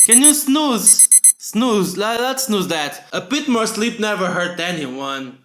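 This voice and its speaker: A man's voice: high voice, lively intonation, a little slow, fairly bright tone, roomy sound, slight background noise. A man hosting a game playthrough, commenting with playful jokes. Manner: joking, playful. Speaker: gaming channel host.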